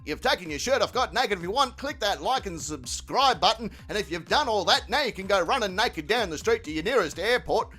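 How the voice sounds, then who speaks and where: A man's voice: sits high, lively intonation, a little fast, few pauses, bright, forceful tone, faint music behind. An Australian man hosting a comedic commentary show, crude and mocking, swearing constantly. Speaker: commentary channel host.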